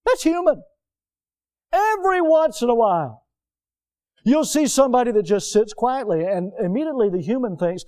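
A pastor preaching with lots of movement and homespun stories. His voice sits high for a man but sounds soft and mellow. He delivers his sermon from a church pulpit. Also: moderate pace, long pauses. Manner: animated, moves around the pulpit, folksy storytelling. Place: church sanctuary.

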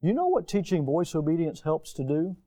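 A middle-aged male pastor preaching a sermon, emphatic and fond of rhetorical questions, swinging between loud and hushed delivery. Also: fairly high pitch, big pitch swings, a little fast.

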